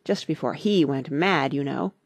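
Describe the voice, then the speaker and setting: A woman's voice: low-pitched, normal speed, dry recording. A woman voicing a contemptuous, mournful eccentric male hatter in a storybook reading. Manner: lively, theatrical storybook delivery. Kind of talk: audiobook character reading.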